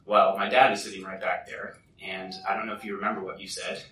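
A man giving a personal testimony at a church, telling a lively story and acting out what others said. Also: deep voice, fast, slight background noise. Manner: lively storyteller who acts out what people said. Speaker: guest speaker at a church. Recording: echoey hall, mic from a distance.

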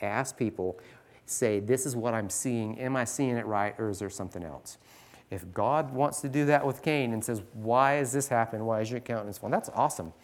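A man's voice: medium pitch, normal speed. A man in his forties, a teacher, earnestly teaching other teachers with scripture and stories. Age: 40s. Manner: earnest, pleading, reads scripture aloud.

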